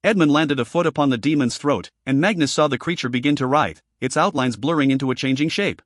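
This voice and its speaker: A man reading an audiobook narration in a measured, expressive storytelling manner. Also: medium pitch, no echo, studio quality. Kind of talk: scripted narration.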